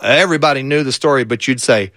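Brief: male Kentucky storyteller, folksy drawl, bright tone, dry close recording. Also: mid-range voice, fast, dry recording. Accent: Southern US, Kentucky. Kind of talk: folk tale storytelling.

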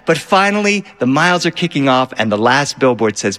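A man telling a family story live to an audience, animated and acting out the voices. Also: mid-range voice, a little fast.

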